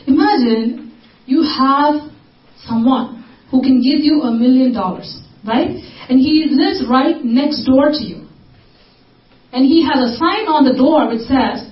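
Female preacher, high voice, dramatic repeated lines; distant lo-fi recording. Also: lively intonation, a little slow. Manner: repeats phrases, acts out desperate cries. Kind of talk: sermon. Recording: echoey, distant, dull lo-fi recording.

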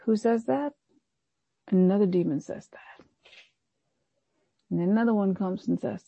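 A woman pastor preaching a sermon, slowing down to stress phrases and mockingly voicing the enemy's taunts. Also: medium pitch, vocal fry, slightly rough, no echo, muffled recording.

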